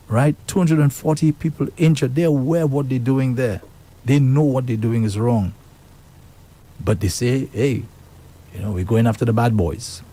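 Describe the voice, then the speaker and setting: A man's voice: medium pitch, warm tone. A man hosting a talk radio show, speaking, emphatic and indignant as he reads out and comments on news.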